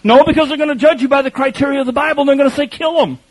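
A man preaching a sermon, telling animated stories with shouted bursts and laughter, his voice husky. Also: very high voice, very fast, rough recording.

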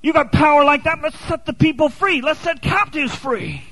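Fervent high-pitched male preacher. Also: moderate pace, pushed and bright, no echo, low-quality recording. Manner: impassioned, building to fervent repetition. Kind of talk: sermon.

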